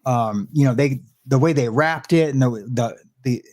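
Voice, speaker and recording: A man's voice: mid-range voice, normal speed, darkish tone. A man casually sharing prison stories, rambling and searching for words with frequent restarts. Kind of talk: casual storytelling chat.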